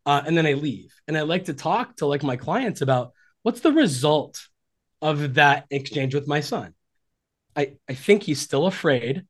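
A man's voice: a little high, expressive, moderate pace. A man in his forties, a relationship coach talking earnestly and reflectively on a podcast. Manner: earnest and reflective, acting out quoted dialogue. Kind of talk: conversational podcast interview.

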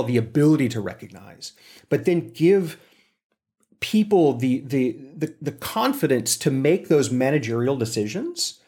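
A man telling a story in an interview, with animated delivery and frequent restarts. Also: mid-range voice. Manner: animated, acts out quotes with voices. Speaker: interview guest. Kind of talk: casual storytelling.

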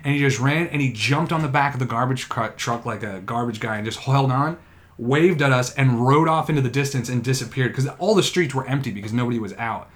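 A man in a loose podcast conversation, spinning a long, profane story with plenty of hedges and restarts. His voice sits at an ordinary middle pitch, neither deep nor high. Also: fairly quick, fairly bright tone. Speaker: podcast co-host or guest. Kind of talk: casual podcast chat.

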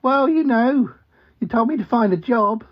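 A man's voice: extremely high pitch, animated, moderate pace, highs cut off, voice pushed up. A man voicing a bumbling, cheerful male talking duck who quacks between sentences and stammers. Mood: chirpy. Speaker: regular comedy character.

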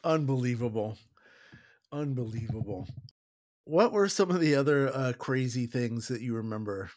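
A man's voice: mid-range voice, animated, moderate pace, a little mellow. A man hosting a podcast, reflecting casually and asking follow-up questions. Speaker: podcast host. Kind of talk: casual interview chat.

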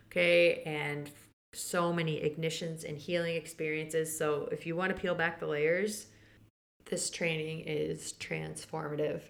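A woman hosting a spiritual podcast, talking casually and chatting about her week and her courses. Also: creaky. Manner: chatty, laughs often, quotes others with raised pitch. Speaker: podcast host and Akashic Records teacher. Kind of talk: casual chat.

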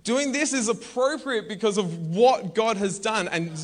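A man's voice: high voice, unhurried. A man, preaching a conversational sermon in a church. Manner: conversational and animated, bursts into shouts. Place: church hall.

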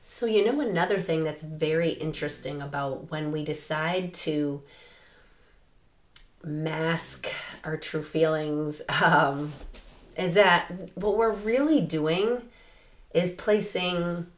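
Woman host, voice gone hoarse and raspy, lowish pitch, chatty and laughing, roomy echo. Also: slow. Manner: chatty, laughs often, many fillers. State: hoarse, lost voice. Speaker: podcast host and coach. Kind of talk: casual podcast monologue.

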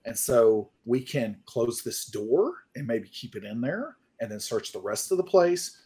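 A man's voice: mid-range voice, expressive, measured pace, warm tone. A man playing in a tabletop horror game, talking in a rambling, hedging, playful way. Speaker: player. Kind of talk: in-character tabletop play.

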